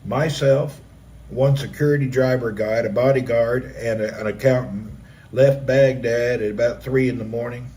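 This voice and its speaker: On his live stream, a middle-aged man tells a personal story with animated energy, using vocal sound effects to act out the action. His voice is medium in pitch and his speed is normal.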